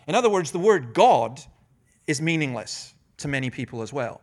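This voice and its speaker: A man's voice: medium pitch, brisk. A middle-aged man giving a conference talk on evangelism, telling stories with humorous asides and often restarting phrases. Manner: lively storytelling with humorous asides; repeats words while restarting phrases. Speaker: preacher and evangelist.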